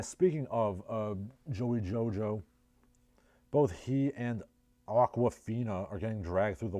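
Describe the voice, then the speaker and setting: A man's voice: on the low side, mellow, no room sound. A man with a New Jersey accent hosting a casual livestream, reading chat messages and riffing with sardonic, rambling asides. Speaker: livestream host.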